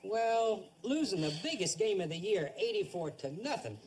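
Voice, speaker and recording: An actor playing an easygoing train engineer who makes dry, joking remarks. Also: male voice, high-pitched, animated, moderate pace, noisy background. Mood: wry joking. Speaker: train crewman.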